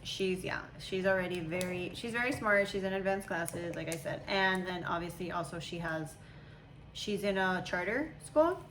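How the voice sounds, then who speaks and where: A woman in her thirties, a mother chatting casually with her daughter, talking in long, animated, meandering stretches. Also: fairly low pitch, moderate pace, slight background noise, rough recording. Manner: chatty, animated storytelling with imitations. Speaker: mother, channel host. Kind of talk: casual chat.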